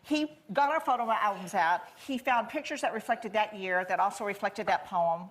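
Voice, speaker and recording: A woman's voice: mid-range voice, moderate pace, background noise. An older woman telling heartfelt family stories as a talk-show guest, choking up as she speaks. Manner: tearful, chokes up. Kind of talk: emotional talk-show storytelling.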